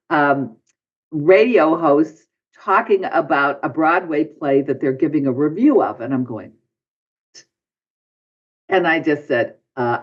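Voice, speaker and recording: A man guest on a podcast, telling a personal story and acting out his own past lines with big swings of voice. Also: fairly high pitch. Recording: dull lo-fi podcast audio.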